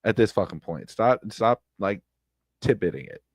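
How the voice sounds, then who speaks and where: Low-voiced man ranting on a stream. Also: lively intonation, normal speed, no room sound, studio quality. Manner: blunt, swears freely, repeats himself, loud outbursts. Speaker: streamer commenting on online drama. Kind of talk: casual profane commentary stream. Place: home streaming setup. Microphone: close streaming mic.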